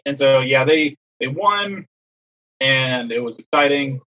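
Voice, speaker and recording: Man telling a coaching story, bright lo-fi voice. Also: mid-range voice, moderate pace. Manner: animated, acts out others' lines in a raised voice. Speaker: assistant softball coach. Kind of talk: casual storytelling.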